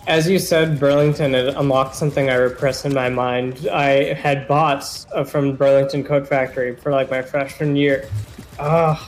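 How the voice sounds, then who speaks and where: A man's voice: mid-range voice, normal speed, soft background music, poor audio. Young man meandering in casual chat. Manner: relaxed, meandering, frequent "like". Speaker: podcast co-host.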